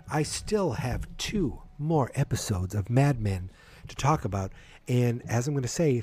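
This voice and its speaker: Rambling man hosting a podcast, dark tone. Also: mid-range voice, breathy edge, no room sound. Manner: rambling, self-correcting, filler-heavy. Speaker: podcast host. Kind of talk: casual solo podcast chat.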